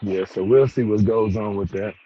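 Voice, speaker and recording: A man's voice: fairly low pitch, fairly even intonation, moderate pace, dull audio, a little hiss or hum. A man hosting a casual review chat at home, talking in a laid-back, slangy way and chuckling often. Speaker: show review host.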